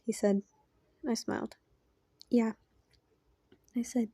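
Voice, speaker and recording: A woman reads a fan story aloud, quiet and soft-spoken, often slipping into a half-whisper. Her voice sits fairly high with a very dark, mellow tone. The recording is close and dry. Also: level tone, unhurried, no room sound. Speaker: fan fiction reader.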